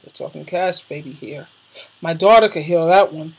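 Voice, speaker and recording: A woman's voice: low-pitched, normal speed, husky, rough recording. A woman YouTuber talking casually to her viewers, effusive and emotional, with slangy emphasis, calling them darling. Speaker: YouTuber recommending videos to viewers. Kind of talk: casual vlog talk.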